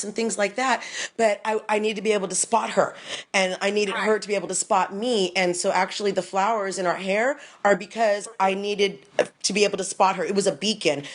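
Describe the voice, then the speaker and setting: A woman's voice: medium pitch, steady tone, quick pace. A woman interviewer and mother, talking in a casual, gushing, repetitive way, tearful and emotional. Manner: gushing, effusive, repeats herself, gasps and exclaims. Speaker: interviewer, mother of an autistic daughter.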